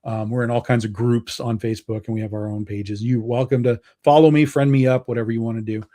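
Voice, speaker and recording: A man's voice: mid-range voice, quick pace. A man appearing as a guest on a video-call show, talking casually about his comics company with many fillers. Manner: relaxed, filler-heavy, many restarts. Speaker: comic book publisher guest. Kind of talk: casual chat.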